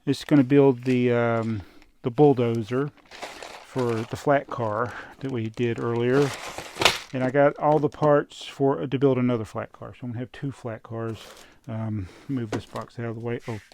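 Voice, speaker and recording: A man's voice: mid-range voice, fairly even intonation, moderate pace, background noise. A man chatting casually as a hobby vlogger at home, rambling on and chuckling at himself. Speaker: toy collecting vlogger. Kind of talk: casual chat. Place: room at home with posters on the walls.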